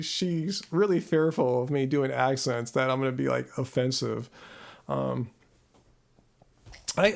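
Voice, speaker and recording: Hosting a live Q&A stream through his own mic, a man from Southern California chats casually with viewers, laughing a lot and tripping over repeated words as he restarts sentences. His voice is a little high and gravelly.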